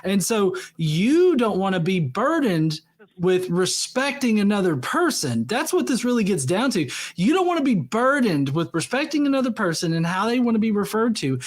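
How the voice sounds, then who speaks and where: Man, co-host, blunt, halting, high-pitched voice. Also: sing-song. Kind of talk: call-in debate.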